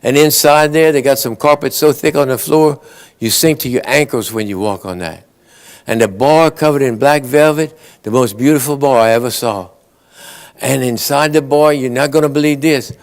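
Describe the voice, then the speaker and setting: Medium-pitched and moderately paced, this after-dinner joke teller spins long, folksy stories at a conference awards ceremony, slipping briefly into his characters' voices.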